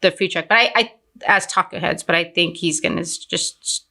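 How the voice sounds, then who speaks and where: Young woman from fort worth telling a story in an interview, bright voice, says like a lot. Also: lowish voice, normal speed, vocal fry. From Fort Worth, Texas. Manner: chatty, lots of "like" fillers, animated retelling. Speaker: entrepreneur guest.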